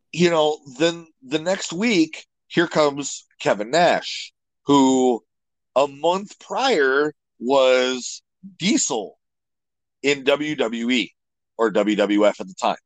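A man's voice: mid-range voice, lively intonation, very slow, long pauses, dry recording, rough recording. Opinionated man rambling on a close mic. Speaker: guest wrestling commentator. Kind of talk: casual podcast interview.

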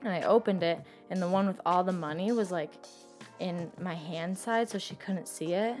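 A woman's voice: fairly low pitch, moderate pace, a little mellow, faint music behind. Young woman who says "like" constantly. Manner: says "like" constantly, rambling and emotional. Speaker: interviewee telling her story. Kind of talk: casual storytelling.

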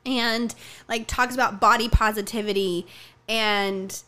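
Young woman, high bright voice, chatty rambling storyteller. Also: steady tone, measured pace. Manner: chatty, rambling, laughs often. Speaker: podcast co-host. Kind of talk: casual chat, storytelling.

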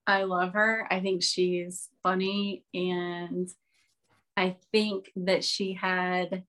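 A woman co-hosting a relaxed podcast. She mostly agrees with her partner in short, easy replies, and adds her own opinions now and then. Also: on the low side, extremely slow. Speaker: podcast co-host. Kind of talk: casual chat about reality TV.

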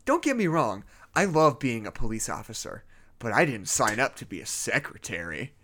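A man's voice: mid-range voice, very animated, normal speed, a bit bright, a little hiss or hum. A man co-hosting a comedy podcast, reading a story aloud and breaking off to laugh and joke.

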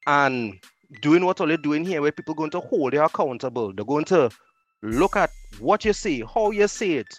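A man with a Trinidadian accent, a radio host chatting as a podcast guest, telling animated stories. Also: on the high side, normal speed, soft background music. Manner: animated storyteller, laughs easily. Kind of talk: casual chat.

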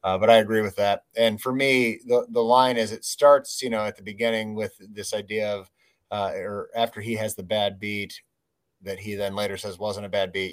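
A man with a lowish voice chats casually as a podcast co-host. He talks in a reflective, rambling way, full of ums and restarts. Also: level tone, moderate pace. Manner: rambling, filler-heavy, reflective.

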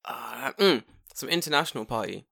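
A young man talks bluntly in a casual chat and swears freely. His voice has a heavy gravelly fry at a middle pitch. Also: lively intonation, normal speed, sharp tone. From London.

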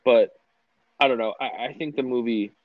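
A man's voice: mid-range voice, moderate pace, no echo. Easygoing man on a dry podcast mic. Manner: easygoing, many "like" fillers. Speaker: podcast co-host. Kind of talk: casual movie discussion. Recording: dry, dull lo-fi sound.

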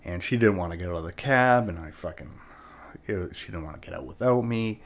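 Low-voiced man telling a rambling story. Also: expressive, fairly quick. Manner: rambling and profane, full of "like" and "right?". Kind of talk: casual personal storytelling.

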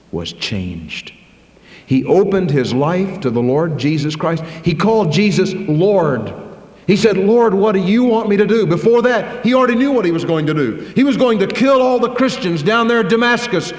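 A man preaching a sermon, swinging from loud, high-pitched preaching to slow, quiet, low passages. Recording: echoey hall, long reverb.

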